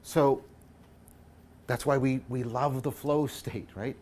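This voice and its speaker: Delivering a slow philosophy lecture in a steady, medium-pitched voice, he reasons out loud, often revises what he just said, and ends points with "right?" At times he's loud and emphatic, at others almost hushed.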